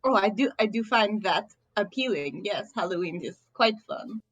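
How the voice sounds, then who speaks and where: A woman's voice: medium pitch, expressive, normal speed, dry recording, natural voice. A woman voicing a composed fish-creature woman in human skin, speaking in stiff, overly polite phrases with a Russian accent. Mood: formal. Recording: dull, dry lo-fi mic.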